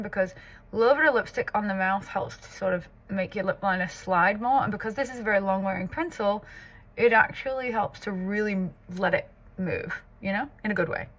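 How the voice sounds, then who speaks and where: A woman in her thirties from the north of England with a muddled British-American accent and Scouse traces, chatting casually through a makeup tutorial and often dropping to a soft near-whisper. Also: medium pitch. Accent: mixed British and American, with Scouse traces. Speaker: makeup artist and content creator. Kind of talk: get-ready-with-me makeup tutorial.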